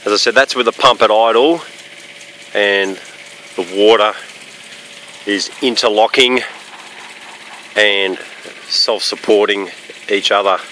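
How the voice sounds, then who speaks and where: A man walking around his rural property outdoors, explaining his fire sprinkler system in a plain, practical, matter-of-fact way with pauses. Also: low-pitched, pushed and bright, slight background noise. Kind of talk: casual walkthrough narration. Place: outdoors on a rural property near a running pump.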